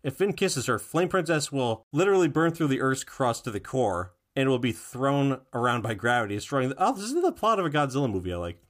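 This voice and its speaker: A man casually recapping a cartoon episode with a co-host, retelling the plot in a relaxed way. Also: mid-range voice, brisk, hardly any pauses. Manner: relaxed retelling, sings a silly jingle now and then. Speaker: podcast co-host.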